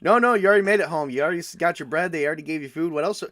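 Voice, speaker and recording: A man's voice: a little high, very fast, fairly bright tone, no echo, clean studio sound. A man narrating a tabletop game as game master, casual and hesitant. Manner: casual, laughing, hesitant fillers.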